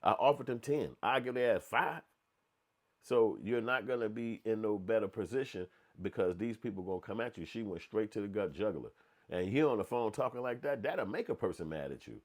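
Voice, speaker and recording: A male commentator with a lowish voice launches into a blunt, profane rant full of slang, animated and a little fast. He talks loosely, often switching into other voices to act out what people said.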